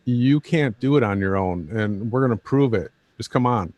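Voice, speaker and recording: A man's voice: mid-range voice, normal speed, darkish tone, no room sound, muffled recording. A man on a livestream talks bluntly and combatively, often circling back to the same point. His voice sits mid-range and sounds close and dry, with no room around it. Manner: combative, blunt, repeats himself. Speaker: co-host. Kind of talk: casual livestream talk.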